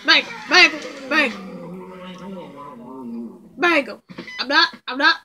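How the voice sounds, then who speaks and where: A woman commenting casually on a game she plays with friends, excitable and quick to yell in reaction. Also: high-pitched. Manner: excitable, yelps and shouts in reactions. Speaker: gamer.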